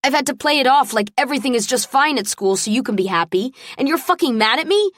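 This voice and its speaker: A woman's voice: mid-range voice, moderate pace, no echo, studio quality, lightly acted. A woman voicing a drunk, heartbroken young man. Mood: anguished. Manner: pleading, raw and emotional.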